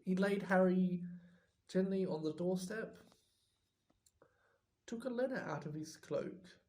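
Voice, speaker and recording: An audiobook reader narrating a story at an unhurried pace. The tone is mellow and dark, and the phrasing is expressive and deliberate. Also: mid-range voice, rough recording. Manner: slow and expressive.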